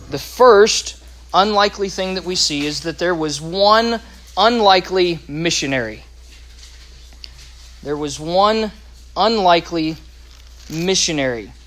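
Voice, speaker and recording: High-voiced man teaching a Bible lesson. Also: fairly bright tone. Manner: explains with asides and restarts.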